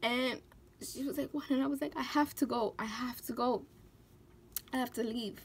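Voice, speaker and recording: A woman's voice: fairly high pitch, steady tone, moderate pace, slight background noise. A young woman vlogging about a hard personal experience, tearful and fighting back crying as she talks. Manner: tearful, breaking down while telling a story. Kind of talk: emotional personal vlog.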